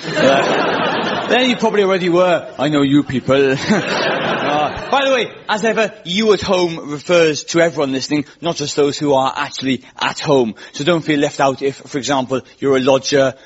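A man hosting a stand-up comedy radio show before a studio audience, with a quick, wry delivery and frequent laughs. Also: a little high, husky. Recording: lo-fi radio recording with loud audience and noise.

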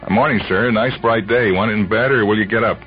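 A man reading a story, voicing a brisk, cheerful morning attendant in a hospital. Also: lowish voice, muffled recording, faint music behind, voice pushed up, close to an everyday voice.

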